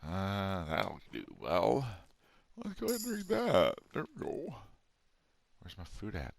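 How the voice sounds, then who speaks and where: A man's voice: low-pitched, huge pitch swings, unhurried, creaky. A middle-aged man casually commentating a video game, rambling, amused at himself and chatting to his viewers. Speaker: let's play host.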